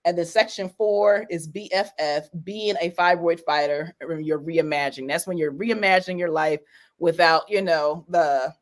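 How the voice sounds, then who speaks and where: A woman's voice: lowish voice, steady tone, normal speed. A woman guest on a video call interview, talking casually and rambling with many fillers and frequent laughs. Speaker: guest, author of a coloring book.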